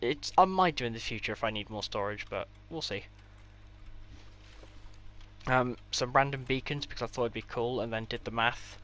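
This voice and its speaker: A man's voice: mid-range voice, normal speed, pauses often, fairly bright tone. A man giving a casual, rambling tour of his game builds, with offhand delivery and dry sarcastic asides. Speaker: gaming creator.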